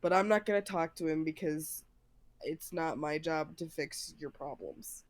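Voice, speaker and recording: Sick player voicing a gruff, blunt male traveler, congested voice, slow and flat delivery. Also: mid-range voice, no echo, natural voice.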